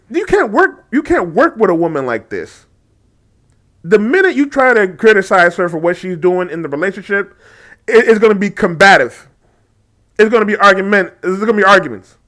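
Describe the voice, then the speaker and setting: A man's voice: sits high, sharp tone. A man giving casual reaction commentary on a video, mocking and laughing often, with frequent swearing.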